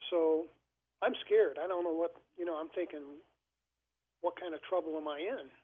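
A man with a somewhat higher, husky voice is calling in to a talk show to tell a story. He speaks haltingly and earnestly, often circling back to restart a phrase. The sound is thin and tinny, as on a telephone line. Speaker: caller. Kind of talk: telling a personal story on a call-in show.

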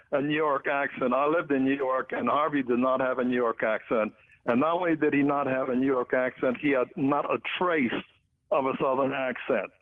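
A man who is a guest author, talking in a halting way with many filler sounds. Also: mid-range voice. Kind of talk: phone interview. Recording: tinny phone line.

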